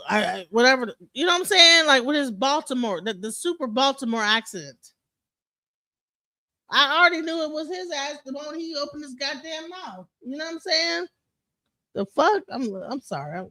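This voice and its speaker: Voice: medium pitch, bright, forceful tone, dry recording. A livestream host from Detroit ranting in a heated, profane, emphatic way, often trailing off, restarting and repeating words. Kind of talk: casual livestream rant.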